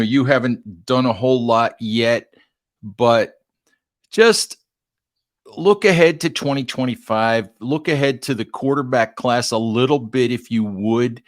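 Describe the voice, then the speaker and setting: A man hosting an interview, asking questions in a conversational, wry way. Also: mid-range voice. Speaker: host, writer. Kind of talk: podcast interview.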